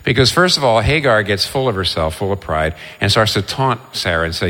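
A man preaching a sermon, telling Bible stories in an animated way and acting out the characters' exchanges. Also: on the low side, a little fast, hardly any pauses. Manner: animated storytelling, voices the biblical figures. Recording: long reverb of a large hall.

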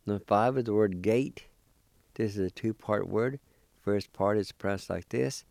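This Oklahoma man has a lowish, slightly mellow voice with vocal fry, speaking at normal speed on a dry recording. In his slow radio language lesson, he spells each word letter by letter and repeats the syllables patiently.

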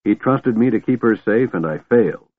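A man reads out a sorrowful old dwarf from a storybook, gruff and low. The voice sits very deep. The sound is thin and phone-like, with no room to it. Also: expressive, normal speed, no room sound. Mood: brooding. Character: old male dwarf, grieving and guilt-ridden.

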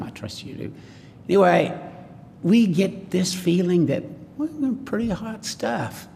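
A man's voice: medium pitch, gravelly, a little mellow, in a large hall, slight background noise. A man preaching a sermon in a folksy way, often asking the congregation questions.

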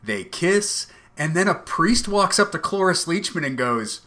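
Bright-voiced man co-host, excitable and swearing, lots of laughs. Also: fairly high pitch, unhurried. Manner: animated, profane, laughs often. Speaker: podcast co-host. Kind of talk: casual comedic chat.

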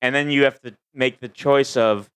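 A male comedian co-hosting a casual comedy podcast, delivering jokes deadpan and often restarting his sentences. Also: medium pitch, normal speed, smooth, no echo. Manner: deadpan jokey, stammers and restarts. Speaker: comedian co-host.

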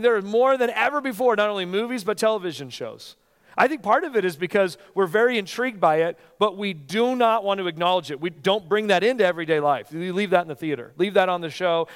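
A pastor preaching a sermon and reading scripture aloud, getting louder and more animated during the dramatic passages, in a church sanctuary. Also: male voice, high voice. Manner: animated reading, rising loud for dramatic lines. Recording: long hall reverb.

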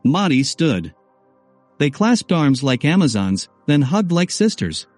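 A man narrating a first-person audiobook in a steady, scripted reading. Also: fairly high pitch, takes it slowly, dry recording, soft background music.

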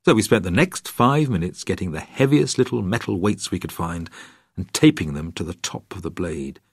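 A man's voice: low voice, animated, moderate pace, creaky, slightly rough, dry recording. An older English man reading his own memoir aloud, dry and wry, acting out the dialogue. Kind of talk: scripted narration.

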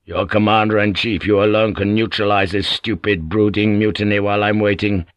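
A narrator dropping into a shrewd aging warlord, deep and unhurried, each word weighed with quiet authority. The sound is close and dry. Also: male voice, fairly even intonation, no room sound, close to an everyday voice. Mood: scheming. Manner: measured, authoritative, sly. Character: aging male warlord, cunning and commanding. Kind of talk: audiobook character voice.

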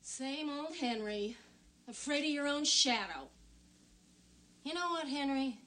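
Brief: high, bright, lively voice; a scornful, shrewish film wife. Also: female voice, slow pace, a little hiss or hum, full character voice. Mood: berating. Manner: scornful, berating. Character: bitter shrewish middle-aged wife. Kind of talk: film dialogue.

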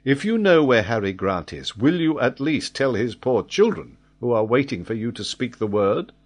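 A man's voice: mid-range voice, big pitch swings, normal speed. A man reading the part of a grave male nobleman pressing a prisoner for answers, in a storybook reading.

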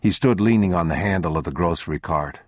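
A man reading a novel aloud as audiobook narrator in a measured, sombre, deliberate manner, recorded on a close mic. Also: sits low, dry recording. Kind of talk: scripted literary narration.

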